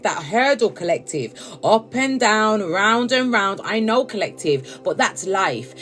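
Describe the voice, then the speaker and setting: A woman giving spiritual advice on a live stream, chatty and affectionate, checking in with "okay?" again and again. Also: medium pitch. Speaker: spiritual reader.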